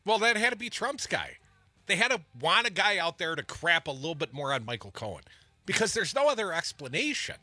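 A man's voice: sits high, big pitch swings, fairly quick, bright, forceful tone, dry recording. A man co-hosting a political talk show, blunt and mocking in his commentary. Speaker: co-host.

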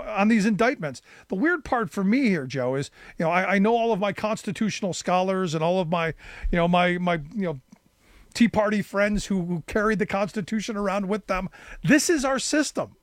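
A man's voice: high voice, expressive, brisk, no echo. A man hosting a talk radio show, frank and conversational, who stumbles and restarts as he talks. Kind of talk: casual talk radio interview.

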